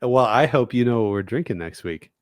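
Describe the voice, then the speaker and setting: A man's voice: mid-range voice, animated, a little fast, dry recording, studio quality. A man co-hosting a casual podcast, talking hesitantly with many fillers and trailing phrases. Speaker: podcast co-host. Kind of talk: casual chat.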